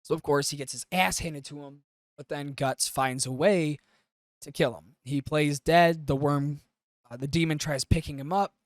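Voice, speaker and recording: A man's voice: fairly high pitch, fairly even intonation, normal speed, no room sound, clean studio sound. A man hosting a podcast, recapping an anime in a loose, profane, chatty way with lots of fillers. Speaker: podcast host. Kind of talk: casual anime review recap.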